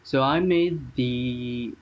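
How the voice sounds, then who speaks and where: A man's voice: mid-range voice, extremely slow, noisy background. A man live-streaming at home in casual chatter, rambling and thinking aloud as he works. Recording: dull lo-fi stream audio.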